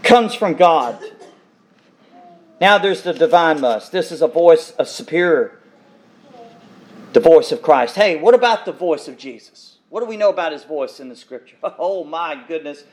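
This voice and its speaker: Impassioned high-voiced male preacher. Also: lively intonation, moderate pace. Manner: impassioned, emphatic, swings between loud and hushed. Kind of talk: sermon.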